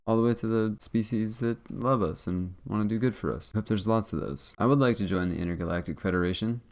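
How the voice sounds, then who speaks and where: Deep gravelly dude rattling off quick jokey commentary on clips. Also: male voice. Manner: rambling, jokey, thinks aloud. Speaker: reaction video host. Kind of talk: casual commentary.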